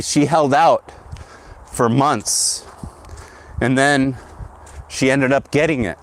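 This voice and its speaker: A man hosting his own show, ranting in a monologue and tagging his lines with "right?". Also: medium pitch. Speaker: podcast host.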